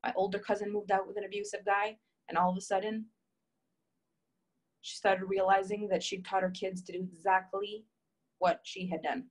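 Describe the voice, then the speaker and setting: A woman's voice: mid-range voice, little pitch movement, moderate pace, long pauses, slightly rough, rough recording. Woman coach, live session reading viewer comments, emphatic, heartfelt, repetitive. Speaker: relationship coach.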